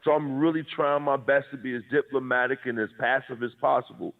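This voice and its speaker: A man's voice: a little high, brisk. A man talking in a heated, profane, blunt way as a guest on a call-in chat show. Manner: profane, blunt, says he is aggressive and abrasive. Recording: tinny phone-like call line.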